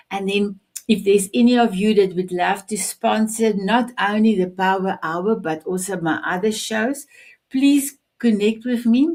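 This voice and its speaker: A woman's voice: medium pitch, darkish tone. A woman hosting a live online talk show, effusive and rambling, just recovering from food poisoning. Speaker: show host.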